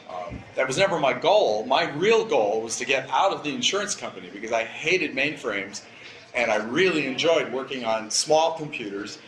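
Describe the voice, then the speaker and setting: Brief: older male presenter, chatty and wry, roomy hall sound, faint background hum. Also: mid-range voice. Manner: relaxed, chatty, wry asides. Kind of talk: live presentation talk. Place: event room. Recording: echoey room with faint ambience.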